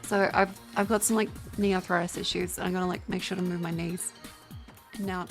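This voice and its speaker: A woman's voice: on the low side, flat delivery, fairly quick. A young Australian woman chatting casually on a livestream, tired, rambling and swearing with self-mocking banter. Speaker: streamer. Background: faint music.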